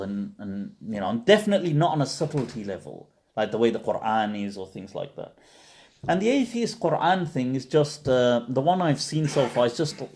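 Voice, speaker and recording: Here the Islamic scholar's voice is medium-pitched and darkish as he hosts a live question session over livestream. His answers run long and conversational, peppered with fillers and restarts.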